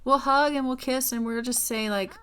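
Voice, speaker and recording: A woman's voice: high-pitched, steady tone, moderate pace, fairly bright tone, smooth. A woman giving casual gameplay commentary in a chatty way, narrating the story and voicing the characters as she plays. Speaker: gameplay video creator.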